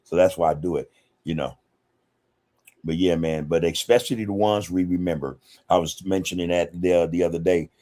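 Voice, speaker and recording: Chatting casually with his livestream audience, a male podcast host reads their comments aloud and greets them by name, peppering almost every line with "man" and "you know." He speaks at a moderate pace in a low, steady, mellow voice.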